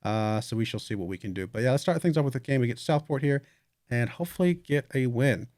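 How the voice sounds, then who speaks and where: A man's voice: mid-range voice, fast, a little mellow, dry recording. A young man commentates his gameplay in an easygoing, rambling way, full of fillers and thinking aloud. His voice sits in an ordinary middle register. The sound is close and dry, with no room around it. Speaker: let's play host.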